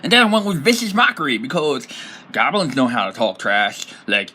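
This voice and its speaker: A man casually explaining his tabletop role-playing character, rambling and animated and laughing often. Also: medium pitch, normal speed, low-quality recording.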